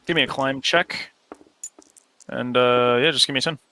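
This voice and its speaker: A man narrating a tabletop game as game master, relaxed and unhurried, with many filler pauses. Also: mid-range voice, dry recording.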